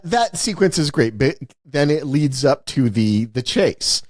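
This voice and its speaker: A man's voice: fairly high pitch, sing-song, measured pace, a little mellow, no room sound, clean studio sound. A man co-hosting a podcast, talking casually about a film, often restarting sentences and acting out quoted lines. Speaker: podcast co-host. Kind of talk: casual movie discussion.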